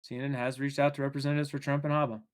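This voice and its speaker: A man's voice: medium pitch, little pitch movement, racing. A man co-hosting a podcast in casual chat, joking and laughing often. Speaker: podcast co-host.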